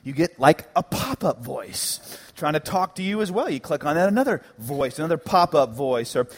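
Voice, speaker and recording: Pastor, man, higher voice, preaching with lively humor and punchy repeats. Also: moderate pace. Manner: animated, joking preacher with emphatic repetitions. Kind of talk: sermon. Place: church sanctuary.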